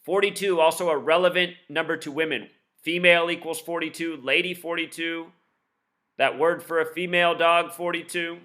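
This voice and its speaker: A man explaining his theories in a solo video, rattling off numbers quickly and insistently, with scornful asides. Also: on the high side, steady tone, bright, forceful tone. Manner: rapid-fire, insistent, admits talking too fast; lists numbers and codes in rapid bursts. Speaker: video commentator.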